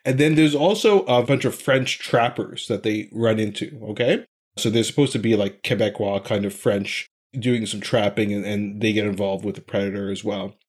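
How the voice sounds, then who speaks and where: A man co-hosting a podcast in casual chat, animated and rambling, often trailing off into mumbles. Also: lowish voice, normal speed, husky. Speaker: podcast co-host.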